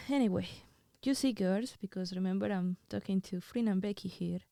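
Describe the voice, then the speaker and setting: Crying woman reading her own diary-ish writing, soft warm voice, halting and emotional, dry close sound. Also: mid-range voice, vocal fry, dry recording. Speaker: host.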